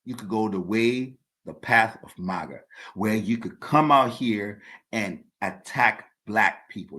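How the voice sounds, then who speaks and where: A man in the host's chair talking straight into his own podcast, pressing every point hard. His voice sits at an ordinary middle pitch, and he doubles back on words when he gets worked up. It sounds like a solo opinion segment, not a conversation. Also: lively intonation, moderate pace, fairly bright tone. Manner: emphatic, repeats words when building a point. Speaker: podcast host. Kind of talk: opinion monologue.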